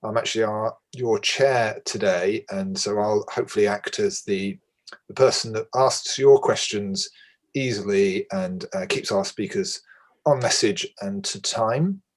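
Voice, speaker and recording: A man chairing a webinar in a chatty, relaxed way with lots of fillers, on a video call. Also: fairly low pitch, unhurried. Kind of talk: casual webinar hosting.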